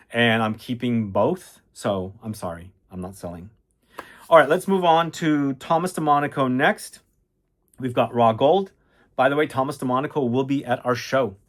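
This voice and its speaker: Guy rambling excitedly about perfumes, casual chatty review, mid pitch voice. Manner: enthusiastic, chatty, rambling with fillers. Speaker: fragrance reviewer.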